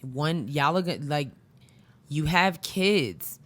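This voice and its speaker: A woman's voice: low voice, expressive, slow pace. A woman co-hosting a podcast in casual chat, talking in a reflective, conversational way and pressing hard on key points. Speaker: podcast co-host.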